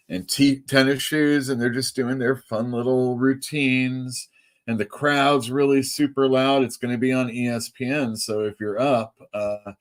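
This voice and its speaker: A man from California hosting a casual live stream for his comic shop, chatting loosely and reading out viewer comments. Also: mid-range voice. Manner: chatty, reads out chat comments, laughs often.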